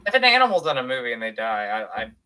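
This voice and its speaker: A young man co-hosting a casual podcast, animated and quick to laugh, acting out his own reactions. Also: mid-range voice, heavy background noise. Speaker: podcast co-host. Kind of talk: casual chat.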